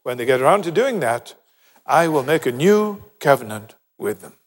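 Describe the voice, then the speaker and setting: An older man preaching a sermon, animated, acting out conversations as he tells the story. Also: mid-range voice, normal speed, slightly rough. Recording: long reverb of a large hall.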